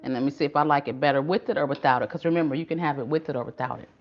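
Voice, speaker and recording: An older woman hosts a live cooking stream, speaking very fast in a low-pitched voice. She's chatty and encouraging in a folksy way, and the lo-fi livestream audio is muffled, with a faint room hum.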